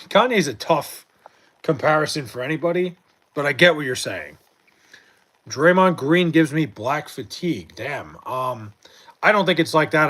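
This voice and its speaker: His voice sits on the high side with a slight brightness as this young man hosts a late-night stream from home. Reading chat, he talks sports casually, with profanity, meandering thoughts, and lots of restarts and fillers.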